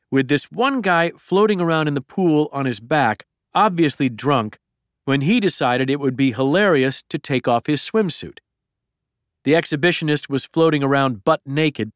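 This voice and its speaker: A middle-aged man narrating a memoir audiobook in a plain, measured storytelling manner. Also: fairly high pitch, smooth, no echo, studio quality.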